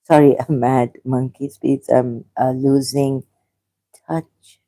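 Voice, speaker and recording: Low, halting woman from Pakistan. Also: little pitch movement, dark tone. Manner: halting, many fillers and restarts, shocked exclamations. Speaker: livestream host reading viewer comments. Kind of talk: casual livestream talk.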